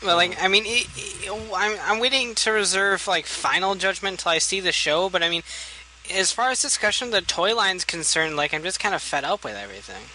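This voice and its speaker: Bright, high-voiced hesitant man. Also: lively intonation, a little fast, a little hiss or hum, low-quality recording. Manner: hesitant, lots of "like". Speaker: podcast co-host. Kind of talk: casual chat.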